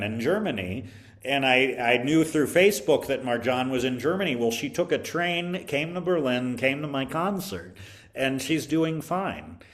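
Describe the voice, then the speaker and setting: A man recounts his teaching years in an interview at a middle pitch. He speaks thoughtfully and haltingly, often pausing, restarting sentences and filling gaps with small hesitations. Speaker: interview guest, violin teacher. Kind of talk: reflective interview storytelling.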